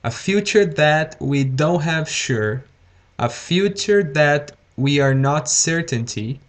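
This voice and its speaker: Slow, careful male teacher. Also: fairly high pitch, animated. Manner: deliberately slow, repeats words and says okay often. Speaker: English teacher. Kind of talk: live-streamed grammar lesson.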